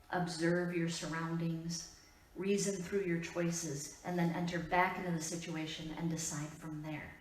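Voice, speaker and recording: A woman pastor preaches with an Upper Midwest American lilt, her voice sitting a little low for a woman. She speaks in a measured, earnest way and leaves deliberate pauses between her phrases. The sound carries the reverb of a church room, picked up from some distance away. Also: slight background noise. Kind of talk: sermon. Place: church sanctuary. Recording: echoey church room, voice from afar.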